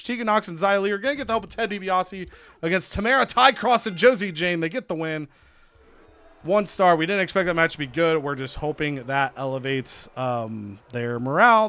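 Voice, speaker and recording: A young man hosting, recapping a wrestling management game in fast, animated narration full of wrestling lingo. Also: a little high, clean tone, no room sound, clean studio sound.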